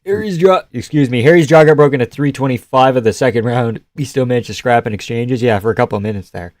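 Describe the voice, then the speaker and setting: A man's voice: mid-range voice, fairly even intonation, fast talker, a little mellow, no echo, clean studio sound. A young man hosting a casual live stream, laughing often and swearing easily as he reacts to the chat.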